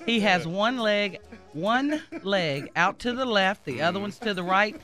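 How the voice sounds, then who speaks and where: A man's voice: high-pitched, expressive, a little slow, pushed and bright, soft background music. A man on a morning radio show reading out a listener's comic letter, laughing as he goes. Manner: laughing through a comic story.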